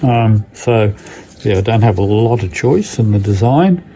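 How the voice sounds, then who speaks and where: A man with a croaky voice, talking casually and hesitantly as he hosts a glass fusing tutorial, often pausing on ums and uhs. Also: fairly low pitch, animated, mellow, slight background noise, rough recording. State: croaky voice from lingering illness.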